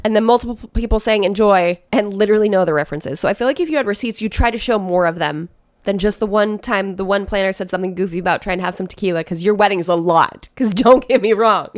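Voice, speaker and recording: A woman wedding planner giving chatty, emphatic reaction commentary for an online video. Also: medium pitch. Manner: emphatic, animated, chatty with frequent laughs.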